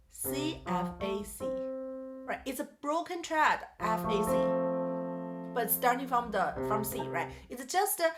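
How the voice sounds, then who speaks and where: A woman teaching a piano masterclass, singing melodies on syllables and questioning her student in simple English. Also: high voice. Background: piano playing.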